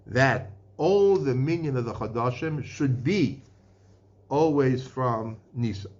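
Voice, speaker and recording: Halting man teaching a Torah lecture. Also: medium pitch, expressive, darkish tone. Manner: halting, with restarts and repeated words; mixes many Hebrew and Aramaic terms into English. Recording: dull lo-fi podcast recording.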